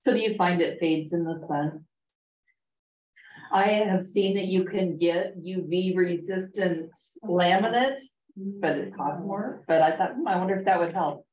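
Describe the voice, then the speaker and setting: A woman's voice: on the low side, a little slow. A woman in a casual group discussion who asks questions and offers suggestions. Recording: roomy, distant, dull table mic.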